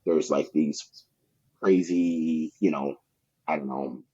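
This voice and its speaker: Deep husky man telling sales stories. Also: fairly even intonation, slow pace, mellow. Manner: rambling, profane, loose with fillers. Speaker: guest sharing sales stories. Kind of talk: casual anecdotal storytelling. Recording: dull lo-fi podcast audio.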